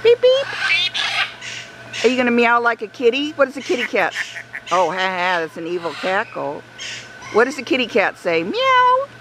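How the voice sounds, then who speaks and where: A woman's voice: mid-range voice, lively intonation, brisk. A woman coaxing a pet bird in sing-song baby talk, recorded outdoors on a handheld camera. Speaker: visitor talking to a parrot. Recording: loud outdoor background noise.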